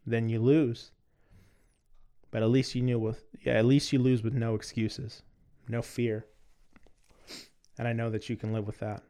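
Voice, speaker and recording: A man voicing a steady, loving wife in a soft, earnest read in his own low voice. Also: measured pace, pauses often, smooth, close to an everyday voice. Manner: soft, earnest, quiet reading. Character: steady, loving adult wife urging her husband on.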